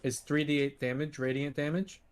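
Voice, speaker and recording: A man's voice: a little high, little pitch movement, moderate pace, smooth. A man playing a tabletop game who keeps asking to confirm the rules. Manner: checks rules with many questions. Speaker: player.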